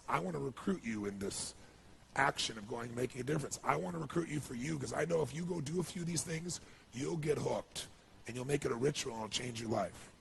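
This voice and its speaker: Gravelly man telling an emotional story. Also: mid-range voice, a bit bright, slight background noise. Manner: earnest, storytelling, frequent "you know". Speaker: motivational speaker.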